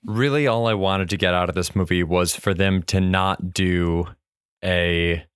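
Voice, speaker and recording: A man in casual film discussion chat, talking in a thoughtful, measured way with some hedging. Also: sits low, fairly even intonation, a bit bright, clean tone, dry recording, studio quality. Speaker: podcast co-host.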